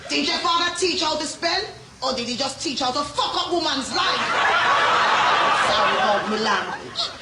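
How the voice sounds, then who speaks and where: A woman playing a volatile Jamaican substitute teacher with a Jamaican accent, delivering slow menacing insults in a comedy sketch. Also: high-pitched, lively intonation, far from the mic, a loud crowd. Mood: scolding. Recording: noisy echoey room with audience, from afar.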